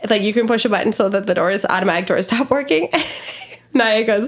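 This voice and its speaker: A woman's voice: medium pitch, normal speed, slight background noise. A woman co-hosting a podcast in casual chat, telling funny family stories as a mother of toddlers and laughing often as she talks. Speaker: podcast co-host.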